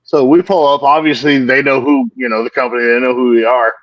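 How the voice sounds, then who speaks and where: A man's voice: mid-range voice, fairly even intonation, fairly quick, no room sound. Crude, joking man on dull lo-fi audio. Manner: crude, joking, swears freely. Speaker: co-host of a livestream hangout. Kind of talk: casual chat.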